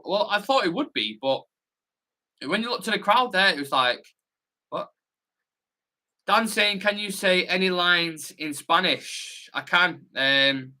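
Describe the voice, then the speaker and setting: A young man, hosting a football watch-along live stream, chatting excitedly, reading comments aloud and swearing casually. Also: a little high.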